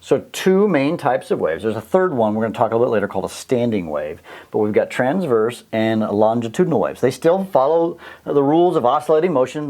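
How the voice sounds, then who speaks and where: A middle-aged man teaching a science lesson on video, jokey and animated, sometimes stretching his voice high or low for effect.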